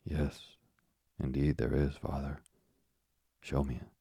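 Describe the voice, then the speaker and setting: A man reading as an earnest young sailor, devoted to his father, his voice very deep and flat. The tone is dark and raspy, and it is kept soft and slow for a storybook reading. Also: no room sound, studio quality, heavily acted.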